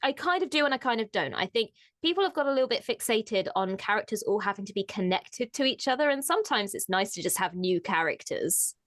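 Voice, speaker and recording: A woman's voice: mid-range voice, lively intonation, fairly quick, hardly any pauses, a bit bright, no room sound, clean studio sound. A woman co-hosting a casual fan discussion, often laughing mid-sentence as she talks through news. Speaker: co-host. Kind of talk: casual chat.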